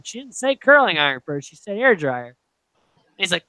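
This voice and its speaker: A young woman co-hosting a casual podcast, recapping a reality show with animated storytelling, acting out quotes, laughing and swearing freely. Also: medium pitch, moderate pace, no echo, rough recording. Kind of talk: casual chat.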